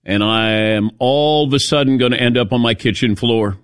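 A man's voice: medium pitch, normal speed, smooth, no echo, studio quality. A middle-aged man hosting a sports talk radio show, telling a self-mocking story in casual chat.

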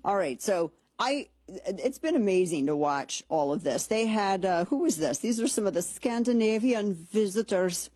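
Chatty sarcastic woman host, husky voice. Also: medium pitch, expressive, normal speed, dark tone, dry recording. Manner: chatty, sarcastic, rambling asides. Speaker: commentary show host. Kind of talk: casual monologue commentary.

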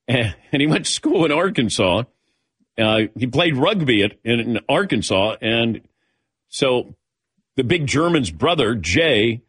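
A man's voice: medium pitch, fairly bright tone, breathy edge, no room sound, studio quality. A man hosting a sports talk show, chatting casually and calling on his crew by name with frequent chuckles.

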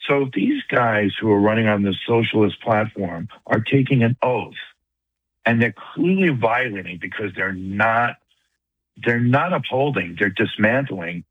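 A retired man with a New York accent, calling in to a talk radio show and making a fast, earnest argument. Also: fairly low pitch, expressive, breathy edge, no room sound. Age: older. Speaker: caller. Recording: dry tinny phone line.

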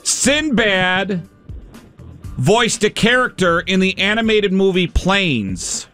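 A man's voice: sits high, very animated, slow, fairly bright tone, faint music behind. A man hosting a call-in trivia game on the radio, playful and teasing as quizmaster.

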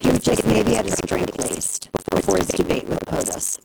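Sarcastic woman talk-show host, gravelly. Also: mid-range voice, moderate pace, few pauses. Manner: sarcastic, animated, mocking. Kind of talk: opinionated talk show rant. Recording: noisy broadcast audio.

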